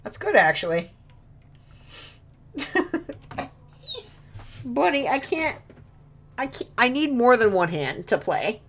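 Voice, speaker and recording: A woman's voice: a little high, big pitch swings, slow pace, pauses often, a bit bright, a little hiss or hum. A woman streaming a video game from home, chatting and joking with viewers and her dog, laughing often. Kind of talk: casual gaming stream chat. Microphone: desk mic with webcam.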